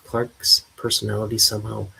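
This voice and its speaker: A man voicing a worried young woman reporter, soft and pondering, reading a comic aloud. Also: fairly low pitch, completely flat delivery, moderate pace, creaky, husky, voice pushed up, heavily acted, low-quality recording.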